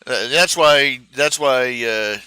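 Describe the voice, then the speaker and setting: A man hosting a live stream, talking in a casual, halting monologue full of fillers and restarts. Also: medium pitch, pushed and bright, smooth, no echo. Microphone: streaming microphone.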